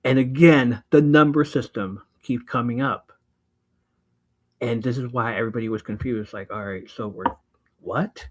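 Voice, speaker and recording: A man hosting a podcast, casually recapping a book, excitable and laughing often, swearing freely. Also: medium pitch, moderate pace, low-quality recording. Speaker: podcast host.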